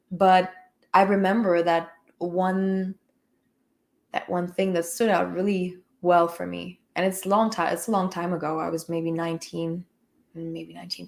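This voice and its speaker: A woman's voice: lowish voice, flat delivery, moderate pace, vocal fry. Frank woman teacher, casual swearing. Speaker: spiritual healing teacher. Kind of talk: candid personal talk.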